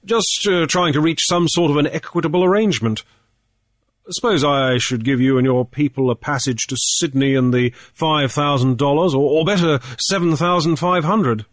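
A man reading a storybook, voicing a shrewd, cool male sea trader in a brisk, airy way with small hesitations. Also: fairly high pitch, dry recording, clean studio sound, voice pushed up, natural voice. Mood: cool, probing. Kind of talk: audiobook character voice.

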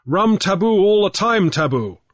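A man voicing a genial sea captain who speaks briskly and heartily in an audiobook. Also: sits high, animated, no room sound, studio quality, voice pushed up. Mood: hearty. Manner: hearty, brisk pidgin and plain speech. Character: genial male sea captain, firm and friendly. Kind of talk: audiobook character voice.

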